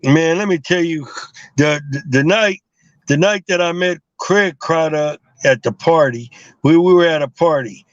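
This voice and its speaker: A man's voice: on the high side, measured pace, dry recording. Man, rambling street tales. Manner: rambling with many fillers and restarts. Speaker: guest. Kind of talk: casual storytelling interview. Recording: dull lo-fi live stream audio.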